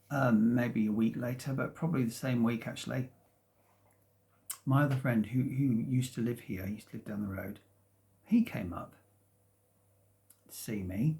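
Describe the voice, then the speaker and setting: A man in his fifties, rambling casually at home about his past, hesitant and meandering with many restarts and soft chuckles. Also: mid-range voice, gravelly. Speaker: vlogger. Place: at home, sitting in a sunlit room.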